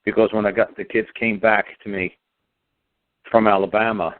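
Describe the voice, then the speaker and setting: A man's voice: on the low side, flat delivery, normal speed, no echo. A man telling his story on talk radio, emphatic and intense, hammering points through repetition. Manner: emphatic, intense, repeats himself for force. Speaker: radio show guest speaker. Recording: tinny phone line.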